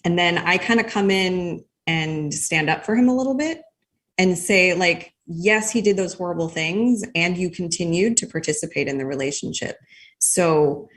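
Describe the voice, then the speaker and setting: A woman guest explaining her ideas in a thoughtful, measured way during a conversation. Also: on the low side. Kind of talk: conversational interview.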